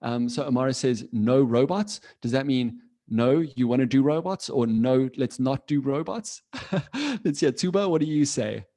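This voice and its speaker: Man, mid-pitched, for a cheerful online class teacher on a video call. Encouraging, casual, laughs a lot. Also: lively intonation, normal speed, dark tone. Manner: friendly, encouraging, laughs often; casual, with fillers and restarts. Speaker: coding teacher for children.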